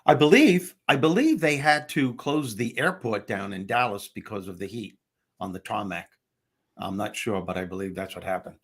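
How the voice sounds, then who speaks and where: A man's voice: lowish voice, animated, moderate pace, husky. A man hosting a motivational talk show, joking and teasing himself as he chats with the audience. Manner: joking, self-mocking, chatty.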